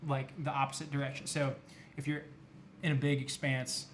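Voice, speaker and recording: A man's voice: medium pitch, level tone, normal speed, slight background noise. A young man narrating a tabletop game as game master, hesitant with many fillers and restarts.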